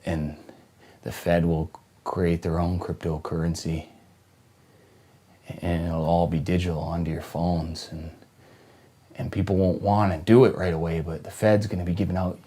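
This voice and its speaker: Husky man hosting a comedy monologue. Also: sits low. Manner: shifts from hushed near-whisper to loud manic shouting; profane, conspiratorial. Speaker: comedy show host.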